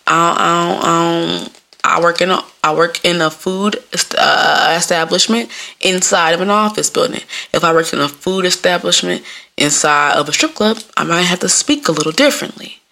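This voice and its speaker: Woman podcaster talkin loose n profane, aave, gravelly and kinda bright, low-ish voice. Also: moderate pace. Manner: acts out voices with big pitch jumps. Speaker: podcast host. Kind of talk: casual solo podcast monologue.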